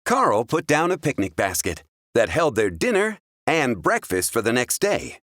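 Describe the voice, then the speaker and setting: A man reads a children's adventure story aloud in a clear, expressive way. His pitch swings widely and animatedly, and the recording is close and completely dry. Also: a little slow, no echo. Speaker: storybook reader.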